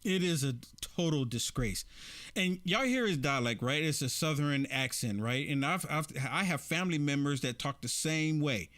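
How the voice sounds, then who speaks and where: A man's voice: a little high, expressive, normal speed, a bit bright. A man hosting an opinion commentary show, reacting to clips and pressing his points with repeated rhetorical questions to his viewers. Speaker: political commentary host.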